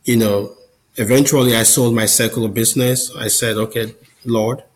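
A man's voice: medium pitch, fairly even intonation, moderate pace, low-quality recording. A man as a podcast guest, telling his personal testimony in an earnest, conversational way and often repeating words as he goes. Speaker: podcast guest, Catholic business founder.

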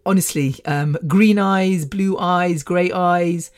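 A woman's voice: fairly low pitch, slow pace, darkish tone. A woman, hosting a casual solo podcast, rambling and laughing often. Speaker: podcast host.

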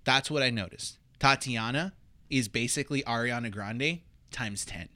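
A man co-hosting a podcast, chatting casually about a TV episode and getting animated when excited. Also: normal speed, no echo. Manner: animated, goes high and loud when excited, laughs often. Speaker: podcast co-host. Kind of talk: casual chat reviewing a TV episode.

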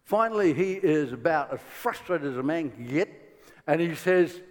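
An Irish preacher delivering a storytelling sermon in a church hall, lively and full of stumbling restarts and chuckles. His voice sits somewhat high for a man, and a long hall reverb trails every phrase. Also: normal speed.

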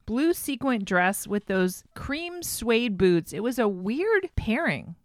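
A woman's voice: fairly high pitch, very animated, slow pace, no echo. Chatty woman podcast co-host, dry sound. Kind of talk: casual chat.

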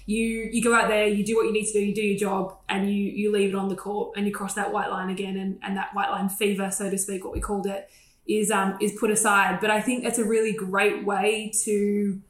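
A woman co-hosting a podcast, agreeing warmly and talking with restarts and fillers. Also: medium pitch, little pitch movement, fairly quick. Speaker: podcast co-host. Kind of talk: casual conversation. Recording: roomy echoey room.

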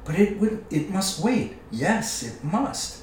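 A man's voice: high-pitched, sing-song, slow pace, darkish tone, distant mic, voice pushed up, exaggerated voice. A man voicing a slimy, wretched cave creature that hisses, whines and calls itself precious. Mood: hissing, wheedling. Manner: hissing, whiny, talks to himself as "precious". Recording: echoey room, away from the mic.

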